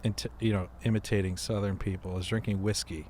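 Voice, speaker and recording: A man's voice: on the low side, little pitch movement, a little fast, a little mellow, a little hiss or hum. A man co-hosting a casual comedy podcast, telling rambling stories and slipping into put-on voices. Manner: slips into jokey put-on voices, rambling storyteller. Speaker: podcast co-host.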